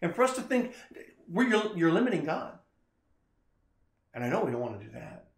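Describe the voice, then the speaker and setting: A man preaching a casual sermon, retelling a movie scene in an animated way. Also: fairly high pitch, normal speed, creaky, roomy sound. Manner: animated storyteller, acts out quoted lines louder. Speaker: pastor.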